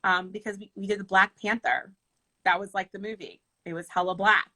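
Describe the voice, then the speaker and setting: A woman wedding planner chatting casually in an interview, animated and laughing as she tells stories. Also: mid-range voice, brisk, poor audio. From Michigan.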